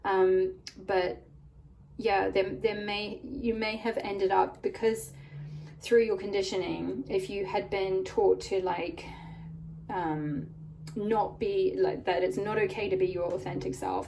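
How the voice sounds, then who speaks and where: A woman with a croaky voice from a cold, giving a rambling pick-a-card tarot reading full of "like" and "um". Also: mid-range voice, darkish tone. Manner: rambling, many "like" and "um" fillers. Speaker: tarot reader. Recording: voice a bit far from the mic, faint room noise.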